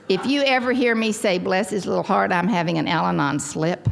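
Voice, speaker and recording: A woman's voice: medium pitch, brisk, creaky, hardly any pauses, a little hiss or hum. An older woman from Texas with a Texan accent, giving a personal testimony at a recovery gathering and acting out the quotes in her story. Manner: animated storyteller, acts out quotes. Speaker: recovery meeting speaker. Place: large hall.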